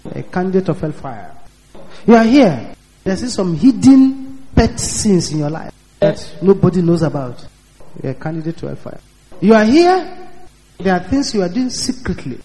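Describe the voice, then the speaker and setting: A male preacher delivers an emphatic sermon in a high, strongly swinging voice. He drives his points home with repeated warnings. The sound carries a long hall reverb. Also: very animated, normal speed, dark tone.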